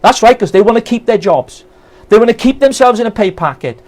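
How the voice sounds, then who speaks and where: A man's voice: sits high, animated, brisk, a little mellow. A Welsh man, a political campaigner, ranting with passion and indignation on a live stream, firing off rhetorical questions. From Wales. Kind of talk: impassioned live-stream rant.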